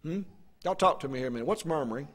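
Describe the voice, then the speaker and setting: A man preaching a sermon in a folksy way, asking the congregation questions and reading scripture slowly and emphatically. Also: fairly high pitch, animated, a bit bright.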